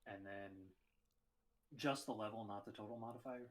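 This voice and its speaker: A man's voice: fairly low pitch, fairly even intonation, normal speed, poor audio. A man playing a tabletop game, describing his character's actions in a hesitant way. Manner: hesitant, many ums and restarts. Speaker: player.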